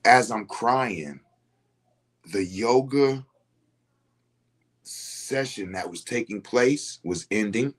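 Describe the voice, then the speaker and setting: A man's voice: fairly low pitch, animated, slow pace, long pauses, slightly rough. A man telling a personal story to his listeners in a loose, conversational way, often repeating himself and asking if they follow him. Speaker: speaker sharing a personal story. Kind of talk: casual storytelling to an audience.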